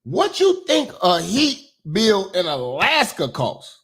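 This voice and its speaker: A high-voiced man rants and swears through reaction commentary. His pitch swings all over the place as he jumps from one complaint to the next. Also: slow. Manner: animated, swearing, ranting. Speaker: commentary streamer.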